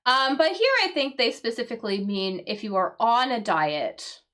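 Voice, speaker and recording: A woman's voice: on the high side, lively intonation, fairly bright tone. A woman teaching English vocabulary on a live crossword stream, explaining words patiently and checking in with "right?" as she goes. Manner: explains slowly with frequent "right?" checks and fillers.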